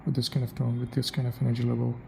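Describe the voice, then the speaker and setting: A man's voice: medium pitch, completely flat delivery, rapid-fire, vocal fry, darkish tone, a little hiss or hum, poor audio. A young man thinking aloud in a casual monologue, repeating phrases as he tries out a way of speaking. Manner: muses aloud, repeats phrases to try them out. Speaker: accent practice vlogger.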